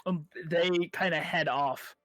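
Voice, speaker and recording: A man's voice: fairly high pitch, unhurried, a bit bright, slight background noise. A man narrating a tabletop game as game master, hesitant and full of fillers while he voices guards and townsfolk. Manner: hesitant, with many fillers and restarts.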